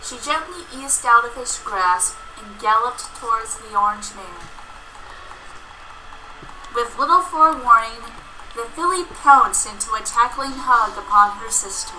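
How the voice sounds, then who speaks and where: A woman narrating a fan fiction story in an expressive storybook manner. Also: a little high, unhurried, a little hiss or hum, poor audio.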